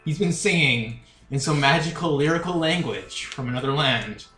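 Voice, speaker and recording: A man running a tabletop game as game master, narrating in a relaxed way with fillers. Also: on the high side, normal speed, reverberant, music in the background.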